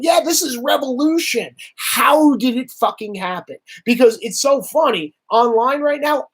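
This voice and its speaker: A man hosting a livestream, delivering a heated, profane political rant with sarcasm and reading viewer comments. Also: very high voice. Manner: heated, swearing, sarcastic, animated.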